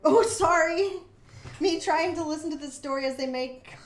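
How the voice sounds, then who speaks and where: A woman's voice: high-pitched, normal speed. A woman streamer chatting in a casual, bubbly, self-deprecating way about her writing while she plays. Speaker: streamer and author. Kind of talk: casual live-stream chat and reading aloud. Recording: echoey room.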